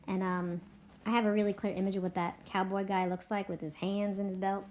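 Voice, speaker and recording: A woman's voice: mid-range voice, fairly even intonation, fast, vocal fry, darkish tone, slight background noise. A woman reading a novel aloud as a teacher, stopping for chatty asides full of fillers and self-corrections. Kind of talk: read-aloud with casual commentary.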